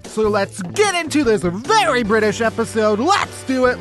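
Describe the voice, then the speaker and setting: A man's voice: extremely high pitch, sing-song, normal speed, few pauses, music in the background. A man hosting a comedy podcast in a studio, ranting in a sarcastic, profane way. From Chicago, US. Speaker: podcast host. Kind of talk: casual comedic chat.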